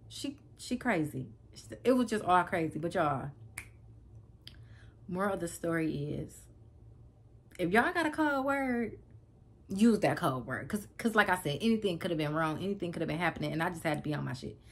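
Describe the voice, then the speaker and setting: Vlogger, woman, slightly low voice, animated and emphatic storyteller. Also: brisk, husky. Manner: animated, emphatic, repeats herself, talks straight to viewers. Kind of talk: casual storytelling to camera.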